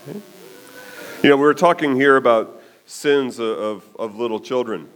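A pastor with a medium-pitched voice preaches at a moderate pace. He tells the story in an animated way, regularly checking in with "okay?".

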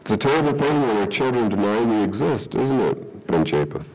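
A preacher voicing a gentle, wry God. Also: male voice, on the low side, sing-song, fairly quick, low-quality recording. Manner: gentle, teasing.

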